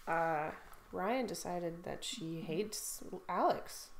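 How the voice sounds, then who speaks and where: A woman's voice: on the low side, slow pace, slight background noise. Playful woman in casual chat. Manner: laughs easily, playful banter. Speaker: podcast co-host. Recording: roomy echo.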